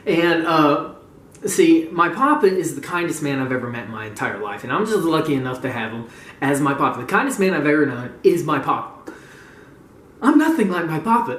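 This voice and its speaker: A man's voice: on the high side, very animated, fairly quick, a bit bright, recorded from a distance, a little hiss or hum. Gleeful, swearing man ranting in an echoey room. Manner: gleeful, mocking, laughs often, swears freely. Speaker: gaming community vlogger. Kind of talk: casual profane rant. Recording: roomy, voice away from the mic.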